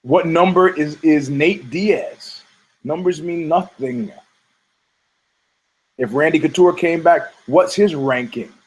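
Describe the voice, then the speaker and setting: A middle-aged man hosts a podcast with a slightly higher-pitched voice. He rambles and rants sarcastically, peppering his talk with profanity. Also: slow pace, husky, rough recording. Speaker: podcast host. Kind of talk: casual rant.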